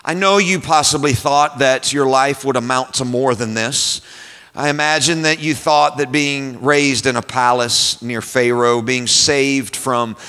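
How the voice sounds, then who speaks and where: A man voicing a gentle wife comforting her husband in a tender, reassuring way, in a reverberant hall. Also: medium pitch, clean tone. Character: gentle encouraging wife Zipporah.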